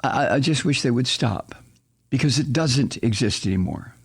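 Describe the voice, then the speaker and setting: A man's voice: medium pitch, expressive, normal speed, gravelly, husky. A man hosting a political talk radio show, ranting angrily with lots of profanity and exasperated, sarcastic asides. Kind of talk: political commentary monologue.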